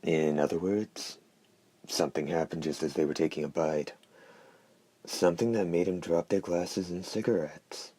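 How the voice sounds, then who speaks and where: A man voicing a hoarse, wryly probing talking hand in an audiobook, in a dry, mocking manner. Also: sits low, steady tone, normal speed, warm tone. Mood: deducing. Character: hoarse wry talking left hand, male. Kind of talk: audiobook character voice.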